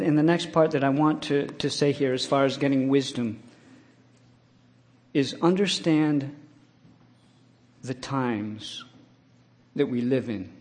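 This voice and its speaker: Middle-aged guy preaching, chatty story then loud fiery bits, kinda high voice. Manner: rises to loud impassioned preaching, then drops to quiet storytelling. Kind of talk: sermon with personal story.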